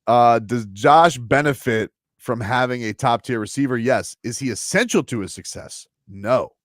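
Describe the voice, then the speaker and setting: A man of middle pitch co-hosting a sports radio show, measured and wry, with a teasing edge. His voice is close and dry, with no room sound. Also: no room sound. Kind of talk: casual sports talk.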